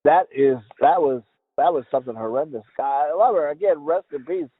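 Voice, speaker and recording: A man whose voice sits on the high side and is slightly rough co-hosts a podcast at a fairly quick pace. Crude jokes and frequent laughter fill his rambling banter. There's no echo, though the recording has a tinny, phone-like tone.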